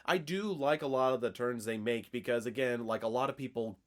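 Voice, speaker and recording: A young man co-hosting a podcast, recapping a film in a relaxed, rambling way. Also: medium pitch, fairly quick. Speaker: podcast co-host. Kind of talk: casual chat.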